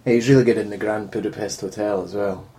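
Mężczyzna, suchy i żartobliwy prowadzący. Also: male voice, fairly low pitch, fairly even intonation, fast talker, warm tone. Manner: dry, jokey, reads cast notes. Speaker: podcast co-host. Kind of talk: casual film-podcast chat.

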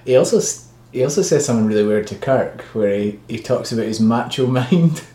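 A man's voice: medium pitch, lively intonation, a little fast, dark tone, reverberant. A man co-hosting a podcast, chatting casually and jokily about a film and laughing often. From Scotland. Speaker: podcast co-host. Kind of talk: casual film review chat.

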